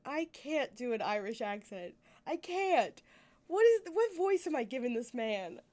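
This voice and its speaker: Sick, hoarse woman streamer. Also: high voice, big pitch swings, unhurried, darkish tone. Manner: self-deprecating, apologetic. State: ill, hoarse, coughing. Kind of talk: let's play commentary.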